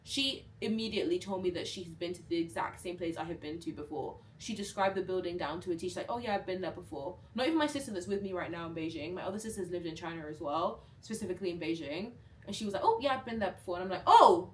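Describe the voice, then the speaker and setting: A young woman vlogging a casual storytime, chatty and animated, full of fillers. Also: fairly low pitch, fast talker, a little hiss or hum.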